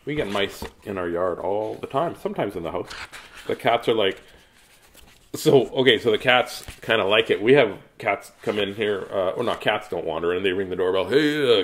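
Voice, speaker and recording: Animated jokey man reading picture books. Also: on the low side. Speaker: children's book reader.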